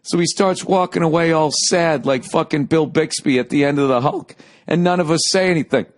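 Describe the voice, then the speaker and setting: A man's voice: a little high, a little fast. A man telling a rambling, profane comic story in a casual monologue. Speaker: podcast host.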